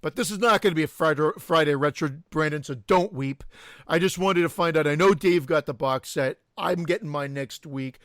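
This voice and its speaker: A man's voice: on the high side, normal speed, fairly bright tone, dry recording, clean studio sound. A man co-hosting a horror movie podcast in casual chat, joking, laughing often and acting out bits. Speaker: podcast co-host.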